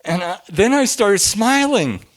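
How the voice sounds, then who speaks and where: Man, middle-aged, storyteller, animated, laughs often, slightly high voice. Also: a little slow. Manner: animated, laughs often, swings from hushed to loud. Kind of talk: personal storytelling talk.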